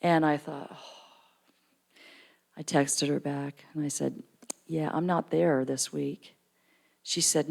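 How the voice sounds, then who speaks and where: A middle-aged woman tells a personal story from the pulpit of a church. Her voice sits a little low, and she keeps leaping up in pitch to act out what people said. The delivery is warm storytelling rather than formal preaching. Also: slow pace, vocal fry, pauses often. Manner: animated storyteller, acts out quoted voices with big pitch jumps. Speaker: guest speaker at church. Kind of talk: storytelling sermon. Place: church sanctuary.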